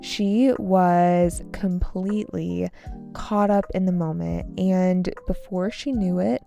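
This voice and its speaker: Slow, gravelly-voiced woman teaching English. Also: lowish voice, steady tone, warm tone, soft background music. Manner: slow and deliberate, repeats words for pronunciation. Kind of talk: slow storytelling English lesson with vocabulary explanations.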